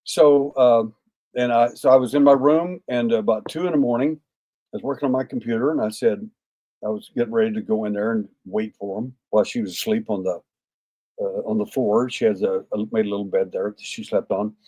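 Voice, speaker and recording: A man's voice: lowish voice, steady tone, fairly quick, dark tone. An older man in his sixties, telling a story as a podcast guest. He speaks in a folksy, rambling way, with plenty of "uh" fillers, and acts out the lines of the people in it. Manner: folksy, acts out quoted dialogue, frequent "uh" fillers. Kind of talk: anecdotal storytelling.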